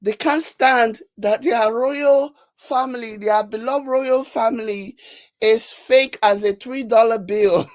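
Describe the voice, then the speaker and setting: A woman with a Nigerian accent hosting a casual commentary show, reading viewer comments and mocking them with animated, repetitive emphasis. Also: fairly high pitch, takes it slowly, dry recording. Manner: animated, laughing, mocking, repeats herself for emphasis. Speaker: commentary channel host.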